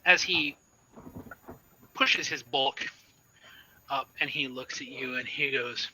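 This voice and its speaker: A man running a tabletop horror game, describing scenes in a halting way with plenty of ums. His voice is very bright and edgy with a husky rasp, and he speaks slowly. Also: medium pitch, steady tone, rough recording. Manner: halting, full of fillers. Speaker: game master.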